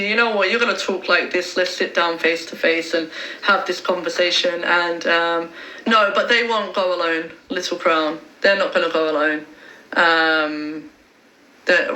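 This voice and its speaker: Halting woman on a livestream, bright and echoey. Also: medium pitch. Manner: hesitant, many ums, reads chat aloud. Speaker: livestream host. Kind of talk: casual livestream chat.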